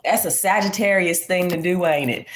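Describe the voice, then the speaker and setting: A woman's voice: lowish voice, normal speed. A woman vlogger chatting casually to her viewers, folksy and talkative. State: congested. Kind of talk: casual chat to camera.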